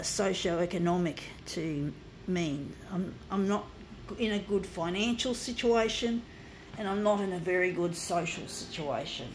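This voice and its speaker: A woman's voice: medium pitch, slight background noise, low-quality recording. An Australian woman in her fifties talks in a rambling monologue, often stumbling, correcting herself and swearing. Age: 50s. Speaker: artist. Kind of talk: rambling monologue to camera while designing a graphic.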